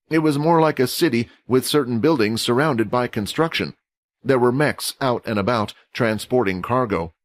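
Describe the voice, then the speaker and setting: A man giving steady scripted narration of a fantasy audio story, doing voices for the characters. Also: mid-range voice, no echo.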